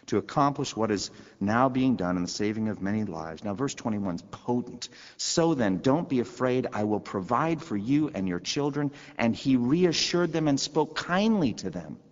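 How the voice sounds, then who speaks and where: A man's voice: mid-range voice, expressive, normal speed, hardly any pauses, long reverb tail, lo-fi sound. A pastor preaching a sermon in a conversational way, asking his listeners rhetorical questions.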